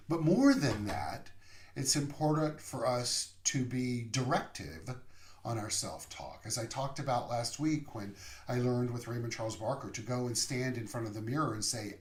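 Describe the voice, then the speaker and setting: Slow-preaching male minister, roomy sound. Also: medium pitch. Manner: slow, deliberate, drops to a soft whisper for affirmations. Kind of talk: sermon. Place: online service over video call.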